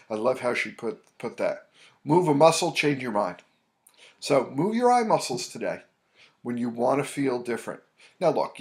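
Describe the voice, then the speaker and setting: A man with a gravelly, creaky voice talks straight to the viewer about handling anxiety. He speaks at a middle pitch and wanders through his points with fillers and restarts, like a coach chatting casually. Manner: loose, rambling with many fillers and restarts. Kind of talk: casual advice monologue. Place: New York City.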